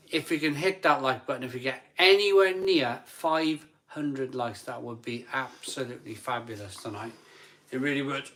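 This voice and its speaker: Man, live stream host, casual chat at home, excitable, bright tone. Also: a little high. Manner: chatty, excitable, counts likes aloud.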